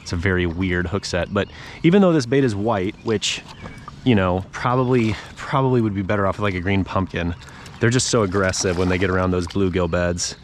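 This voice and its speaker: A man's voice: deep voice, fairly quick, a little hiss or hum. A man giving casual running commentary while fishing from a paddle board on a lake, chatting to the fish and his viewers. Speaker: fishing vlogger.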